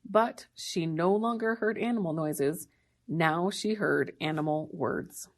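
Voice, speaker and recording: A woman reading a children's novel aloud in a steady, plain manner. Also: fairly low pitch, slow pace. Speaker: reader.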